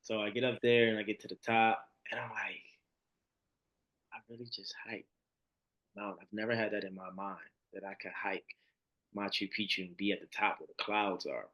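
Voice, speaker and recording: A man who is a podcast guest, telling a personal story in conversation and acting out the quotes, moving between a hushed voice and high, excited bursts. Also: normal speed, highs cut off.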